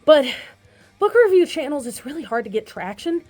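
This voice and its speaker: A woman's voice: sits high, very animated, moderate pace, a little mellow, soft background music. Breathless chatty woman vlogging. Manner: chatty, rambling, self-deprecating. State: out of breath, coughing. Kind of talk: casual fitness vlog.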